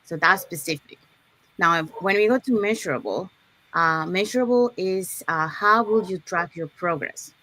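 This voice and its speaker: A woman with a somewhat low voice hosts a live online session. She breaks ideas down patiently, often restarting sentences and checking in with "okay?". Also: moderate pace, sharp tone, no room sound. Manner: explains step by step with many okays and restarts. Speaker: host.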